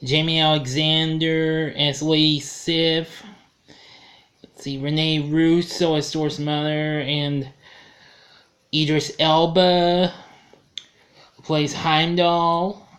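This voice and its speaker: A man gives an offhand film review, wandering from point to point, correcting himself and chuckling at his own slips. His voice is slightly high and fairly bright, with a level tone and a slow pace broken by frequent pauses.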